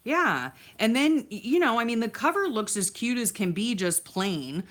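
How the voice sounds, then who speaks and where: A woman's voice: mid-range voice, animated, a little slow, a bit bright. A woman hosting a casual craft live stream, chatting loosely with lots of fillers while she thanks viewers by name and answers their comments, sometimes drifting away from the mic. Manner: many fillers and restarts, easily distracted. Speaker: crafting livestream host.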